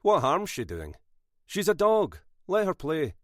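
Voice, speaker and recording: A man's voice: a little high, wildly swooping pitch, unhurried, a bit bright, no room sound, studio quality, voice pushed up, full character voice. A male narrator voicing a mild-mannered male police detective who keeps apologising. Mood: easygoing.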